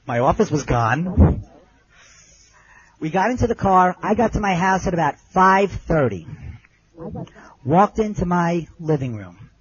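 A man's voice: lively intonation, moderate pace, breathy edge, no echo. Earnest middle-aged man, dull lo-fi recording. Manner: earnest, drops low and soft at moving moments. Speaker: survivor telling his story. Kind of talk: personal storytelling.

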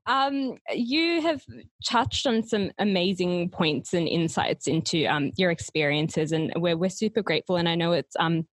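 A woman with a fairly low voice hosts an interview, thanking her guest and asking questions. She is polite but hesitant, with frequent ums. The recording is dry and close. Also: no room sound. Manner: polite and hesitant, many fillers. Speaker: interview host. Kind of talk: interview hosting.

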